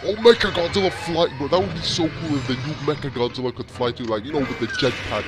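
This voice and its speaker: Talking fast in a slightly high voice, a young man runs a casual reaction video with loud music in the background. He's worked up and drops "bro" nonstop.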